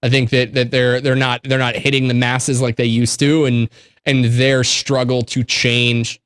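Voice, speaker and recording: A man's voice: mid-range voice, level tone, a little slow, a bit bright, clean tone, no room sound, clean studio sound. A man co-hosting a late-night call-in show, talking casually and rambling, often repeating words as he hunts for his point. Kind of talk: casual chat.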